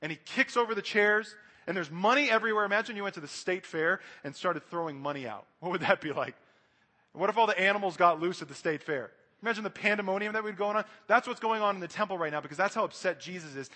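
A man's voice: sits high, quick pace, pushed and bright, long reverb tail. A man preaching a sermon, speaking earnestly and directly to his congregation.

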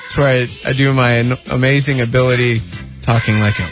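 A man's voice: mid-range voice, steady tone, a little fast, fairly bright tone. A man in his thirties co-hosting a morning radio show, joking and self-mocking in casual banter, with a cold. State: has a cold. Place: radio studio. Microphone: studio microphone. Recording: music bed underneath.

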